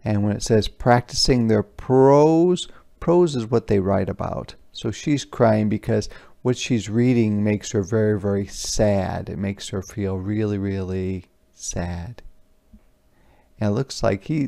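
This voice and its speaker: A man's voice: fairly low pitch, a little slow, vocal fry. A man teaching by reading a picture book aloud to young children, stopping to explain words and pictures in simple terms. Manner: puts gentle emphasis on the words he reads aloud.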